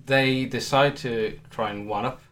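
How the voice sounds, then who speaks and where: A man's voice: medium pitch, steady tone, unhurried, a bit bright, a little hiss or hum. A man co-hosting a podcast, telling a made-up film plot in playful, laughing, stumbling casual chat. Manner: playful storytelling, laughs often, stumbles over words. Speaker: podcast co-host. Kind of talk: casual comedic brainstorming chat.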